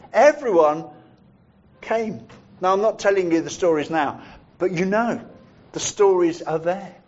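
A male preacher with a high voice delivers a sermon slowly and thoughtfully. He leans on repeated phrases to drive each point home. The recording is dull and lo-fi. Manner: measured, reflective, repeats phrases for emphasis.

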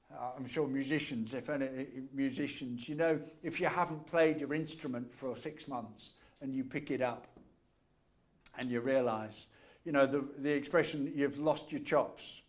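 A man preaching a sermon in a conversational way, repeating his key phrases for emphasis. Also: mid-range voice.

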